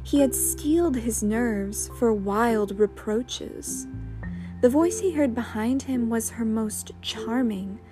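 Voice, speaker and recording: Woman narrator, slow and unhurried, music bed under the reading. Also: fairly high pitch. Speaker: audiobook reader. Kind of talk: scripted narration.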